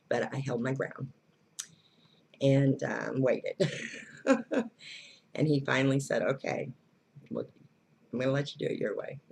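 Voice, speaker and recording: A woman's voice: a bass voice, vocal fry, slight background noise. A woman giving casual spiritual advice, blunt and earthy, who swears freely and laughs often. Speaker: spiritual teacher.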